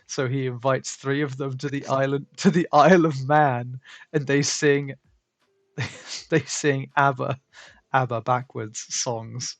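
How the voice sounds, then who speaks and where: A man's voice: mid-range voice, fairly even intonation, takes it slowly, dry recording. A man hosting a casual livestream, reading viewer comments aloud and laughing often. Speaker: stream host.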